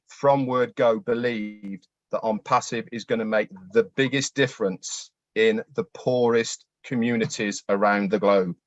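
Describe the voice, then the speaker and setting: Man from the UK, mid pitch, friendly and halting, dry lo-fi sound. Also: no echo. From United Kingdom. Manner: friendly, hesitant with fillers. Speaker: guest speaker. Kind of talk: casual speech. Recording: dry, dull lo-fi audio.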